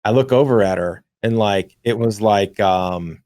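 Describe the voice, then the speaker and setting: A man in his thirties co-hosts a podcast, casually spinning a long, rambling story full of swearing and filler words. His voice is on the low side and a little mellow, he speaks unhurriedly, and the recording is dry.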